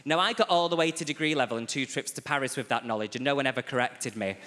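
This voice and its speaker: On a large theatre stage, a man with a medium-pitched, sharp-toned voice talks fast through a stand-up comedy set. He's chatty and confiding, teasing audience members by name, while the theatre echoes with faint audience noise.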